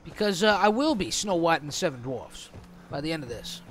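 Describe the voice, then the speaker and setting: A man narrating his gameplay with a high-pitched voice, chatty and joking, often breaking into laughter. A faint steady hiss sits under his voice. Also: fairly quick. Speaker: let's play host. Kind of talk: gameplay commentary.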